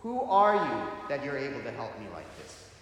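A man's voice: medium pitch, huge pitch swings, moderate pace. A man voicing a desperate man clinging to a root over a cliff, pleading for help within a sermon story, in a voice close to his own. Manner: pleading, urgent questions. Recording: echoey church hall.

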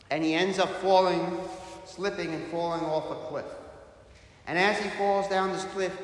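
A man, a priest, delivering a sermon with slow, emphatic preaching that rises strongly on key words. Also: on the high side. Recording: echoey church hall.

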